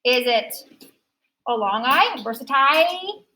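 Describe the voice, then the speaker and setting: A high-voiced woman teaching phonics to a classroom. She speaks at a slow, deliberate pace and draws out each word part as she sounds it out for the students. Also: fairly bright tone, rough recording.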